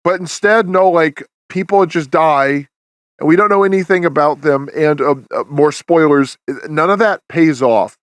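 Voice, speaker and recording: A man's voice: a little high, moderate pace, clean tone, dry recording. Chatty man reviewing a film. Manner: rambling, many restarts and fillers. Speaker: podcast host. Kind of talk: casual review chat.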